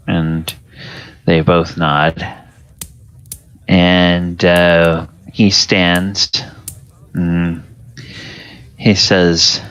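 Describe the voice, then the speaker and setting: A man narrating a tabletop game as game master, in a halting, thoughtful way. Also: sits low, little pitch movement, a bit bright, smooth, no room sound. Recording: dull lo-fi recording.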